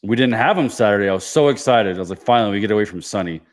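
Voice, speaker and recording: A man's voice: on the low side, racing. A man co-hosting a podcast, telling a story in casual chat and acting out both sides of an argument. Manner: animated storyteller, acts out arguments. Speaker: podcast co-host.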